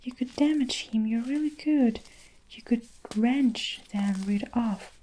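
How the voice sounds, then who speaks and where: A kind young schoolteacher pleads anxiously in a whispered role-play, as a woman puts her on. Her voice rises above the narration, soft and urgent. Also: fairly high pitch, takes it slowly, slight background noise, pitched above the performer's own voice, poor audio. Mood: pleading. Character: gentle young female teacher, pleading and kind.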